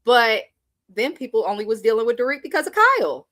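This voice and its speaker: A woman's voice: on the high side, sing-song, brisk, sharp tone, dry recording. Woman, co-host, casual recap chat, blunt, sassy, dry close sound. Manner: blunt, sassy, reads out viewer comments. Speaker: show co-host.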